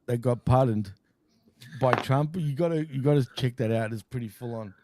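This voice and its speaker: A man's voice: mid-range voice, normal speed, noisy background. An Australian man co-hosting a casual video-call chat, laughing often and bantering easily. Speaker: co-host.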